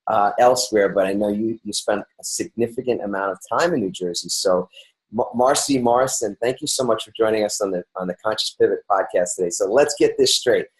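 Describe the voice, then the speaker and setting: A man's voice: lowish voice, a little fast, low-quality recording. Rambling upbeat middle-aged male host. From New York. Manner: upbeat, rambling with many restarts and fillers. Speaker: podcast host. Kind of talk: casual interview chat.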